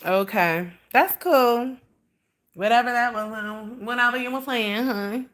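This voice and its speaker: A woman's voice: fairly high pitch, unhurried, fairly bright tone. Woman rambling casually on a livestream. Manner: rambling, profane storytelling with lots of "like".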